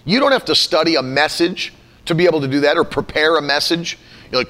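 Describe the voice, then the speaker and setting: A man giving a casual teaching talk on faith, animated, often laughing and mimicking other people's voices. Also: a little high, fast talker.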